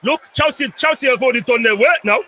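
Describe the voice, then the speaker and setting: A man co-hosting a live fan watchalong stream, agitated and often shouting at the game as it unfolds. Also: very high voice, fast, slight background noise. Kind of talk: live match watchalong chat.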